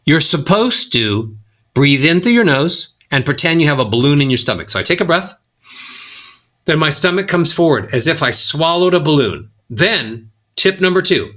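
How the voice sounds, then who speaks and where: Animated man swooping his pitch. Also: normal speed. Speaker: voice coach guest. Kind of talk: podcast interview, demonstrating tips.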